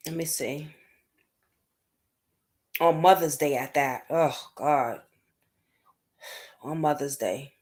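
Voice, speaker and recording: A woman's voice: low voice, takes it slowly, long pauses, darkish tone. A woman hosting a casual livestream at home at night, chatting to her viewers and reacting to their comments as she goes. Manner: chatty, talks straight to viewers and reads out comments. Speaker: livestream host discussing unsolved cases. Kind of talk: casual live-stream chat.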